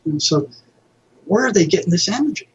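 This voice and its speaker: A man's voice: high voice, lively intonation, brisk, a little hiss or hum. A retired psychotherapist telling vivid anecdotes in a casual interview, acting out quoted voices as he goes. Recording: dull lo-fi audio.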